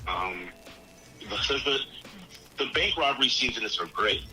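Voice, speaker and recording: A man co-hosting a podcast, chatting casually about a film in a rambling, halting way and acting out movie lines. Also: medium pitch, animated, pushed and bright, soft background music, rough recording. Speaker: podcast co-host.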